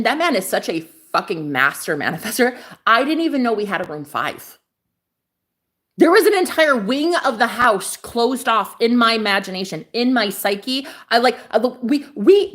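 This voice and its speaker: A young woman telling a personal story in a casual, chatty way, swearing freely and acting out what others said. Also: on the high side. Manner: animated, chatty, swears freely, acts out quoted voices.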